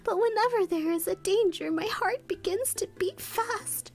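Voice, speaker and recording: A woman's voice: very high voice, normal speed, pitched above the performer's own voice. Woman whispering as a sad cowardly lion. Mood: sad, fearful. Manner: sad, self-pitying. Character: timid tearful male cowardly lion. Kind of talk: whispered role-play.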